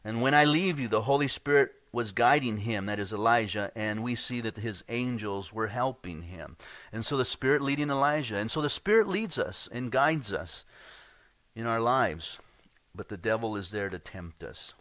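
A man's voice: lowish voice, moderate pace, fairly bright tone, dry recording. A man preaching a sermon as pastor, earnest and conversational, often restarting his words.

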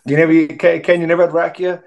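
A man's voice: fairly high pitch, little pitch movement, fast, gravelly. A man in his forties with an Irish accent, an actor guest telling stories in a casual interview with many restarts and repeated words. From Ireland. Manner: rambling, self-interrupting storyteller with frequent restarts.

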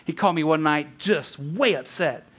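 A man preaching a sermon as pastor, animated and quick to laugh, acting out a story with voices. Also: fairly high pitch, a little hiss or hum. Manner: animated, laughs often, tells stories with voices.

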